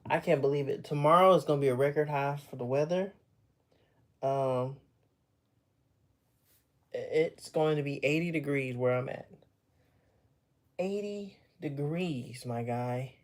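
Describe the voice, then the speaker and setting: A man's voice: medium pitch, steady tone, normal speed, long pauses. A young man talks to his livestream viewers while still out of breath from a run. He rambles along in a tired, easygoing way, with a mid-range voice and short gasps between phrases. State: out of breath after running. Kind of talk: casual livestream chat.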